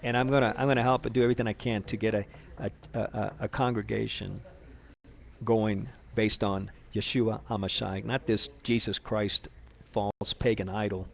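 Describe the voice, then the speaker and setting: Rambling gravelly-voiced man. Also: lowish voice, fairly even intonation. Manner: rambling, halting with many restarts and fillers. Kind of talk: personal testimony monologue addressed to someone.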